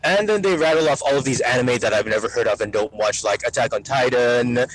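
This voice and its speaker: A man's voice: medium pitch, brisk, rough recording. A man on a live gaming stream, rambling through stories with casual swearing. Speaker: livestreamer.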